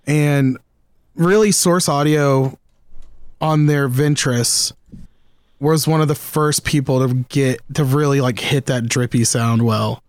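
A man's voice: a little high, clean tone, no echo, clean studio sound. A man hosting a podcast, chatting casually and rambling with enthusiasm about guitar gear. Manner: rambling, restarts often, excited about gear. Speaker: podcast host.

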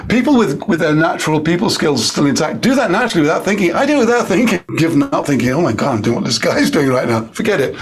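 A man's voice: fairly high pitch, creaky, husky. A man with an English accent, a guest speaker talking energetically in an interview. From England. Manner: energetic, emphatic, acts out quoted voices. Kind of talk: animated interview talk.

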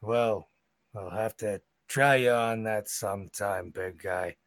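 A man's voice: lowish voice, slow pace, fairly bright tone, no room sound, studio quality. A man voicing a huge male bugbear who chats in a laid-back, teasing way. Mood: friendly.

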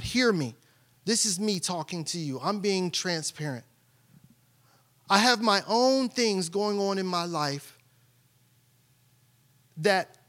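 With a bright, high voice, a male pastor preaches in a frank, conversational style. He often loops back and starts sentences over while telling his congregation about his personal struggles.

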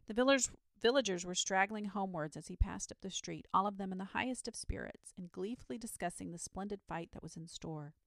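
Calm, creaky-voiced woman storyteller. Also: mid-range voice, brisk, few pauses, no echo, clean studio sound. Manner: calm and soothing. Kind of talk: bedtime story reading.

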